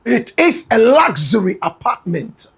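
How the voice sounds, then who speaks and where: A man's voice: extremely high pitch, sing-song, a little slow, gravelly, a bit bright, breathy edge. A man with a Ghanaian accent giving dramatic gossip news commentary, emphatic and speaking straight to his listeners. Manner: emphatic, repeatedly addresses listeners as "my brother, my sister".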